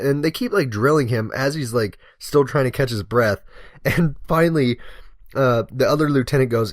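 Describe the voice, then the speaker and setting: A young man rambles through a profane, joking story in a casual, deadpan voice, as if commentating over a video game. His voice sits in an ordinary middle pitch. The sound is close and dry, with no room around it. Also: fairly quick, no room sound. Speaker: guest commentator, firefighter-medic.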